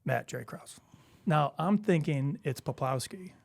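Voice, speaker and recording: Recorded in clean studio sound with no room sound, a man with a somewhat high voice and vocal fry speaks a little slowly. The middle-aged former basketball player is an animated interview guest, casually telling stories and performing the voices of those he quotes.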